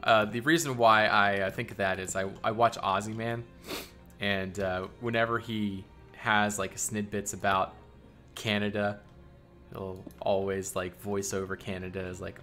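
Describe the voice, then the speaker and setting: A man's voice: lowish voice, level tone, measured pace, bright, forceful tone, faint music behind. A man streaming live and chatting casually with viewers, thinking aloud in a rambling way and laughing often.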